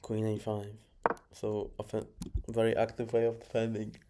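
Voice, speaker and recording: A man's voice: on the low side, completely flat delivery, moderate pace. A man casually reviewing his own chess games, muttering moves, correcting himself and chuckling along the way. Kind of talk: casual game review commentary. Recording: clear background noise.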